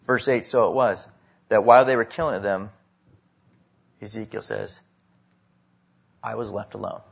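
Husky guy preaching a sermon, booms then drops quiet, muffled recording. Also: unhurried. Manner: preaching with sharp swings between loud emphasis and hushed drops. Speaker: pastor.

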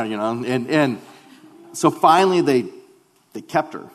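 Male pastor, joking storyteller, mid-pitched voice, reverberant hall. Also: normal speed. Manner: humorous, conversational storytelling. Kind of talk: sermon with a personal story.

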